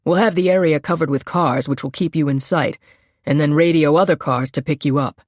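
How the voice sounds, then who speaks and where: A woman narrator voicing a steely male agent who speaks crisply and in a businesslike way. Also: a little high, fairly quick, dry recording, studio quality, lightly acted.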